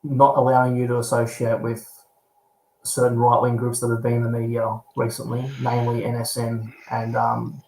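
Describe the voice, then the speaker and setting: An Australian man chatting over a video call, animated and repeating words as he searches for them. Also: mid-range voice, moderate pace, creaky, roomy sound, slight background noise, rough recording. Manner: animated, repeats himself while finding words. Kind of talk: casual chat.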